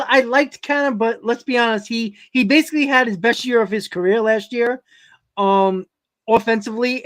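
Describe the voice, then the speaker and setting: A man's voice: extremely high pitch, a bit bright. Rambling New York man hosting sports talk. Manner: rambling, self-correcting, answers chat. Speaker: host. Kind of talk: live-stream sports talk.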